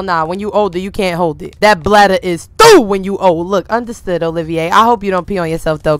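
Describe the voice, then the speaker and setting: A woman streamer giving casual, animated, slangy commentary to her viewers while playing a life-simulation game. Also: mid-range voice, clear, resonant tone, dry recording. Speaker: gaming streamer.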